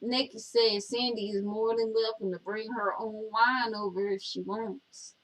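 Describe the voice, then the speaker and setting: Over poor audio, a woman with a mid-range voice speaks unhurriedly as Daisy, a sassy, bossy Southern woman with a Southern US accent. Co-hosting a comedy show, she teases her partner and reads viewer comments, scolding and bossing while telling stories with animation.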